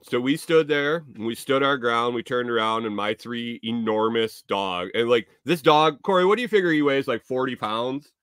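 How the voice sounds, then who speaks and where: A man's voice: medium pitch, normal speed, few pauses, clear, resonant tone, dry recording. Dry, close-sounding man telling a rambling story. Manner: profane, rambling, rising to loud exclaims. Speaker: podcast host. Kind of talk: casual storytelling monologue.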